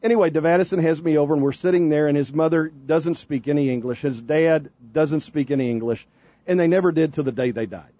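A Southern man with a somewhat high, husky voice hosts morning radio banter, rambling from story to story and tripping over his own words. The broadcast audio sounds a little muffled. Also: quick pace, mellow, no room sound. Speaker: radio show host.

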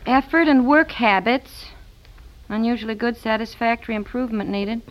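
A woman's voice: on the high side, highs cut off, close to an everyday voice. A woman playing a chatty, fluttery mother and housewife in 1950s radio comedy acting. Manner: chatty, fluttery, quick asides. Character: fussing mother and housewife, middle-aged.

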